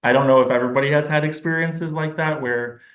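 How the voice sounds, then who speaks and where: A man's voice: on the high side, fairly even intonation, fast, a bit bright. A man, a speech-language pathologist, giving an informal, explanatory presentation to parents and thinking aloud as he goes. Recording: roomy echo.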